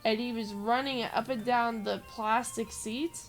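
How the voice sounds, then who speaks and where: A young woman hosting a gaming channel, telling a rambling story with lots of filler words and getting animated as she goes. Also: fairly high pitch, moderate pace, soft background music. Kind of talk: casual rambling commentary over gameplay.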